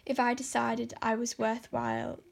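A woman reading aloud and voicing a stern, sharp-tongued middle-aged woman who scolds briskly. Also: a little high, level tone. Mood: sarcastic. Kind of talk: audiobook character voice.

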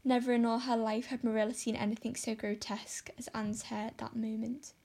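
A woman reads a classic novel aloud in steady, measured narration. Her voice sits fairly high and stays flat in melody. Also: vocal fry, breathy edge. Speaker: audiobook narrator. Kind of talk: scripted narration.

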